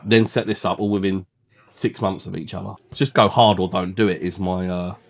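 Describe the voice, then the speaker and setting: A man's voice: low voice, little pitch movement, normal speed, creaky. A man in his thirties with a South London accent, chatting in a podcast interview and animatedly acting out quoted exchanges, swearing freely. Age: 30s. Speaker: classic car garage owner.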